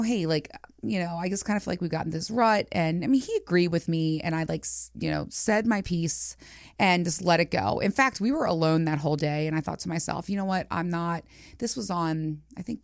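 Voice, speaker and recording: A woman's voice: on the low side, dry recording, studio quality. A woman in her forties hosting a podcast, talking frankly and explicitly in casual chat with many fillers. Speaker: podcast host.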